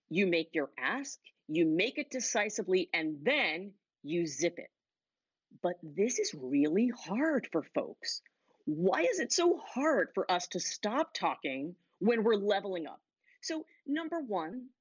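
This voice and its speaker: A woman speaker coaching an audience on negotiation from a stage, in a motivational talk with punchy phrasing and deliberate pauses. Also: mid-range voice, breathy edge, no echo, dull audio.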